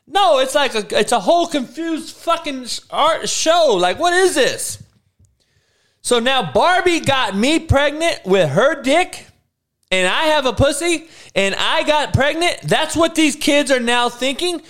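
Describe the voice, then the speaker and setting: Young dude ranting on his stream, cussing and slangy, voice jumps all over, kinda high. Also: a bit bright. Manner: loose slangy rants with swearing and laughs. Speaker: livestream host. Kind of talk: profane casual stream talk.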